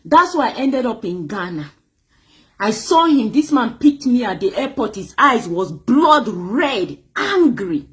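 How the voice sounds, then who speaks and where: A woman's voice: on the high side, sing-song, unhurried, fairly bright tone. A woman from Nigeria, telling her personal story with drama and acting out the voices of others. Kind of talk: emotional personal testimony.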